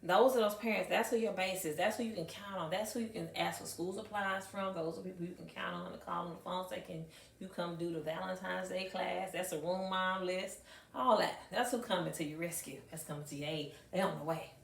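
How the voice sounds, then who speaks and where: A woman's voice: on the low side, fairly quick, creaky, a little hiss or hum. Emphatic woman teacher in an echoey room. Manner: emphatic, acts out dialogue, repeats phrases for effect. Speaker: high school math teacher and speaker. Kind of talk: storytelling talk to an audience. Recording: echoey room, mic at a distance.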